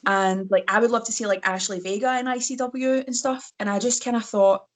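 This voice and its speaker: A young Scottish woman, a wrestler, chatting casually as a podcast guest with lively storytelling. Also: fairly high pitch, a little fast. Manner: lively storytelling, mimics other people's voices. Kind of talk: casual chat.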